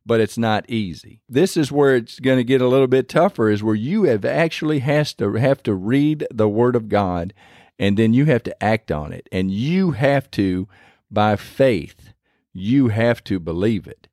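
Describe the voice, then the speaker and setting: A man's voice: medium pitch, a little slow, a little mellow, no echo, studio quality. A man preaching a sermon in a conversational, earnest way, retelling scripture in his own words.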